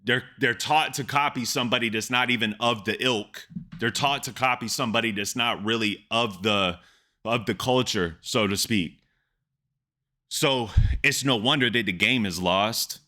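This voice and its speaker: A man hosting a music reaction channel, excitedly repeating lines and breaking them down in casual commentary. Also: fairly low pitch, moderate pace.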